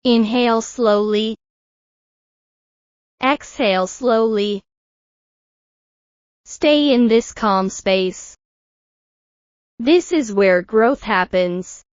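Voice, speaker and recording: A woman English teacher leads a calm speaking drill, her instructions measured and soothing. She speaks extremely slowly in a slightly high voice. The sound is dry and a little dull, like a lo-fi recording. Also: clean tone, no room sound.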